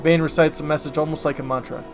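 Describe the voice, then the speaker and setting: A man hosting a let's play, reading game text aloud with relaxed, offhand asides. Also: on the high side, quick pace, gravelly, over music.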